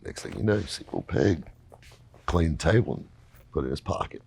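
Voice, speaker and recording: A man's voice: sits low, lively intonation, a little fast, vocal fry, long pauses, darkish tone, breathy edge, dry recording. A middle-aged man telling a long story casually, rambling and folksy, with lots of fillers. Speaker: podcast host telling a story.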